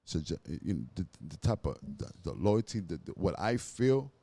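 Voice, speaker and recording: A man's voice: low-pitched, very animated, normal speed, warm tone, dry recording. A man, a podcast guest telling his life story earnestly, in street slang and with many restarts. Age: 30s. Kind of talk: emotional storytelling.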